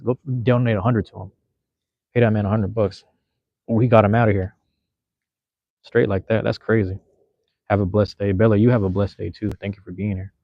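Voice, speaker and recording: A low-voiced man from Seattle chatting on a livestream, loose and slangy, cursing casually as he answers his viewers. The sound is dry and a little dull, like a cheap desk mic. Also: creaky, dry recording. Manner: loose, slangy, drops profanity, addresses chat. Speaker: livestream host.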